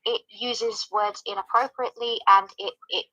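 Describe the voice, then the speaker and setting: A woman's voice: medium pitch, steady tone, normal speed, sharp tone, no room sound, dull audio. A woman in casual discussion, earnestly explaining her points and building them up with repetition.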